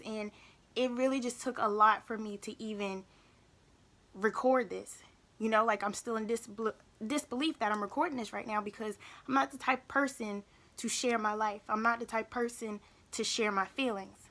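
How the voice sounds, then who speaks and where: A young woman talking openly in a personal vlog, halting and emotional, often repeating herself. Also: fairly high pitch, fairly even intonation, fairly bright tone. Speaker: vlogger.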